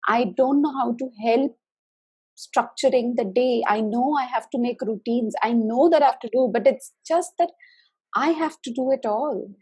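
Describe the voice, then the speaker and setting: Woman host, husky and dry-sounding, echoes tapping phrases as a worried parent. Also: fairly high pitch, normal speed, darkish tone. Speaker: host, therapist for special needs children. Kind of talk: repeating tapping phrases, casual chat.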